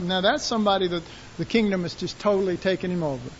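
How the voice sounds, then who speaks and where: A man preaching a sermon in a folksy, animated way, acting out quotes and shouting call-and-response lines. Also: sits high, fast, highs cut off, a little hiss or hum.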